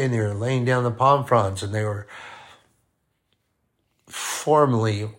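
A man preaching a sermon, deliberate and repeating key phrases for emphasis. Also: on the low side, fairly bright tone.

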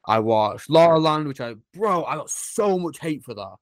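A man co-hosting a casual film podcast, talking in a halting, rambling way. He restarts his phrases often. The mic sound is dry and close. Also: a little high, animated, dry recording. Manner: rambling, hesitant, with many restarts. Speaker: podcast co-host. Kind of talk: casual chat.

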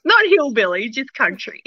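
A woman's voice: high voice, sing-song, a little slow, sharp tone, slightly rough, no echo, highs cut off. An Australian woman from Melbourne, a guest talking in a frank, chatty way and laughing easily. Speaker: actor and guest. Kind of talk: casual interview chat.

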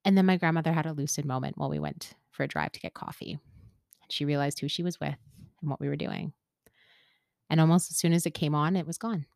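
Low-voiced woman telling a personal story. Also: creaky, darkish tone, no echo, clean studio sound. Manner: candid, laughs often, gets emotional. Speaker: podcast host.

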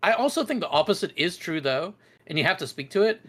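A man's voice: high voice, sing-song, quick pace, fairly bright tone. A young man guest on a podcast, talking casually in a rambling, hesitant way with many fillers. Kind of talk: casual chat.

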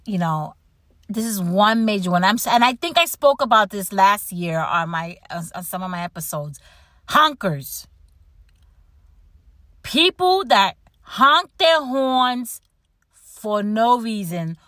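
A woman hosting a podcast, chatting casually and ranting with animated energy about everyday annoyances, often laughing at herself. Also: mid-range voice, takes it slowly, no echo, clean studio sound. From United States. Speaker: podcast host. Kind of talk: casual chat.

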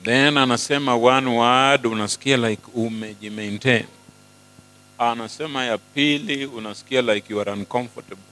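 A man preaching a sermon, mixing English and Swahili, animated and often asking the congregation questions. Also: mid-range voice, normal speed. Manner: switches between English and Swahili, animated, asks the crowd questions. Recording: hall with long reverb and mains hum.

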